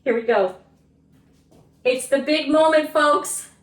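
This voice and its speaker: A woman's voice: sits high, slow. A woman chatting casually in a home vlog, earnest and openly emotional as she talks to her viewers from her kitchen. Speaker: homestead vlogger.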